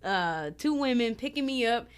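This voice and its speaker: A woman's voice: on the high side, normal speed, clean tone. A woman from Cleveland, Ohio, a comedian guest, telling stories in casual chat and acting out the people in them. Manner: animated storytelling, acts out quotes with laughter.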